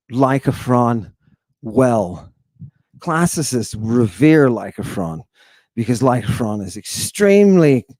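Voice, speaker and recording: A man giving a theatrical lecture on ancient texts, firing off rhetorical questions and dropping into hushed tones. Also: medium pitch, no room sound. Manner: dramatic, rhetorical questions, sudden hushed drops.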